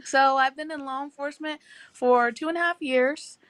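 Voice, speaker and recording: A young woman, a sheriff's deputy, answering interview questions in a relaxed, chatty way over a video call. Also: high-pitched, normal speed, dry recording.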